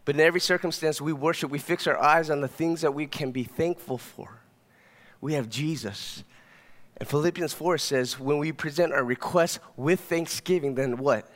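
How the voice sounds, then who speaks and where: A man's voice: on the high side, normal speed. Slightly breathless man preaching a sermon. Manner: demonstrates lifting a weight on stage, rising to fervent emphasis. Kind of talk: sermon with closing prayer. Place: church stage.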